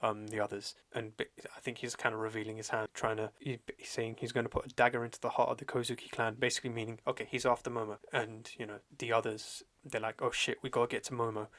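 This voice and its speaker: A young adult man hosting a podcast, recapping in a slangy, animated way with lots of fillers and restarts. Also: mid-range voice, fast talker, hardly any pauses. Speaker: podcast host reviewing a manga chapter. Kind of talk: casual chat.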